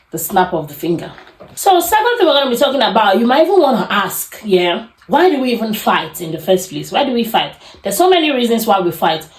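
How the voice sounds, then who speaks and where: A young woman talks through relationship advice in a lively, chatty way, slipping into quoted arguments. Her voice sits in a middle range. The room around her is echoey. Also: medium pitch. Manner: animated, acts out quoted arguments. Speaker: podcast host. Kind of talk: casual advice talk.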